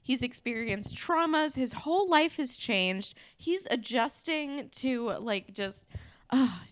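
A woman's voice: sits high, lively intonation, slow pace, slight background noise. A young woman co-hosting a podcast, chatting casually and enthusiastically, with emphatic swearing. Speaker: podcast co-host. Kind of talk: casual recap chat.

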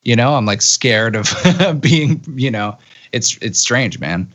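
A man's voice: medium pitch, expressive, slow pace, a bit bright, no echo. A man with a British accent, a musician and podcast guest, talking in a laid-back, self-deprecating way. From Britain. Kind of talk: casual interview chat.

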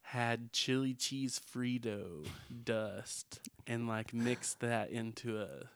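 A man's voice: medium pitch, takes it slowly, a bit bright, clean tone, no room sound. A man co-hosting a podcast, telling a rambling story in casual chat and laughing as he goes. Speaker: podcast co-host.

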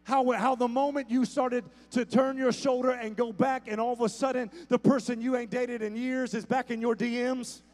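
A man preaching a sermon to a church congregation, repeating phrases for emphasis, with soft instrumental music underneath. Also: extremely high pitch, flat delivery, normal speed, few pauses. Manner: emphatic call-and-repeat preaching, stammered repetitions. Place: church sanctuary.

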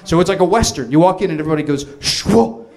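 A man in his thirties telling a long comic story, rambling and excitable, laughing through his words with many restarts. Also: on the high side, rapid-fire.

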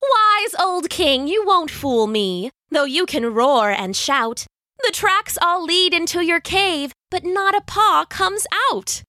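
A sharp-witted female red fox teases in a high, knowing voice, stretching out her words. A woman voices her, and she has a bright, lively lilt. This storybook voice is close and dry. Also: slow, dry recording, full character voice. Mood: sly teasing. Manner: knowing, teasing.

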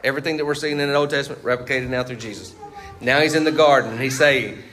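A male pastor preaches conversationally, quizzing the congregation with fill-in questions and tagging points with "right?" and "you see what I'm saying?" His mid-range voice is a bit bright and moves at a quick pace.

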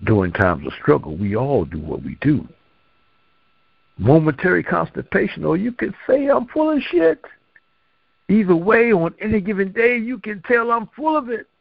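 A man's voice: high-pitched, lively intonation, moderate pace, creaky, no room sound, narrow, tinny audio. A man co-hosting a poetry show, delivering a comic spoken-word poem in a rhythmic, rhyming way and then chatting casually. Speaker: co-host and poet.

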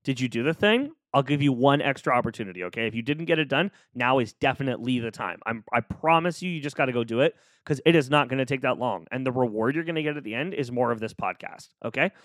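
Man, podcast host, playful and encouraging, mid-pitched voice, dry close mic. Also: fast talker, hardly any pauses, a bit bright, dry recording. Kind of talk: casual solo podcast talk. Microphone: close studio microphone.

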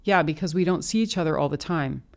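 A woman reading the lines of a confident male lover in an audiobook, in her own teasing, low-key voice. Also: fast talker, vocal fry.

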